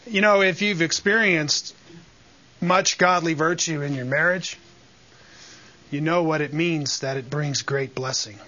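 A man's voice: fairly high pitch, a little slow, pushed and bright. A man teaching a Bible lesson to a church group, preaching and asking the room questions. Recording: dull lo-fi sound.

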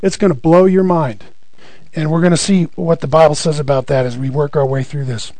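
High-voiced male preacher, dry sound. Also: fairly even intonation, brisk, mellow, no echo, poor audio. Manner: conversational, stumbles and repeats words, asks "right?". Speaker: pastor. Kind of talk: sermon teaching.

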